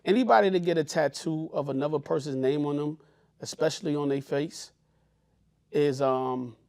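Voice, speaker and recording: A man with a higher-leaning, darkish voice and some vocal fry talks at a moderate pace in a clean, echo-free studio recording. He co-hosts a podcast, spinning loose stories in casual chat and acting out the voices of the people in them.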